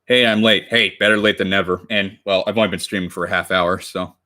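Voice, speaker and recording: A low-voiced American man in his twenties talks fast with little pitch movement, his tone bright and forceful. He's a cosplay livestreamer crafting on stream, chatting casually with viewers, rambling and correcting himself as he goes.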